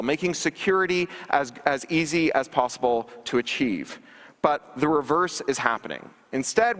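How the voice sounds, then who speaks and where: A man's voice: on the high side, fairly bright tone. A man giving a conference keynote talk, wry and sarcastic, with frequent ums and restarts. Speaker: conference speaker. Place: large conference hall stage. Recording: long reverb of a large hall.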